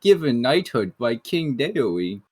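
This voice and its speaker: Slow-talking man role-playing. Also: mid-range voice, sing-song, darkish tone. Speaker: player. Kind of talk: casual tabletop role-play.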